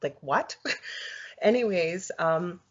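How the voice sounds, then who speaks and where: A woman speaking as a podcast guest, telling her story in casual, halting speech with many fillers and restarts. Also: on the low side, animated. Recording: dull lo-fi audio.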